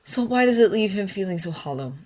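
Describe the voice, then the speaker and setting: A woman narrating a fanfiction audio reading in a soft, steady manner. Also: mid-range voice, a little fast. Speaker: fanfiction reader.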